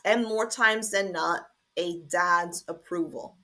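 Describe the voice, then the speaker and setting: A woman hosting a faith-based podcast, talking earnestly and deliberately to fathers, with some fillers and restarts. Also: lowish voice, sharp tone. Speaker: podcast host.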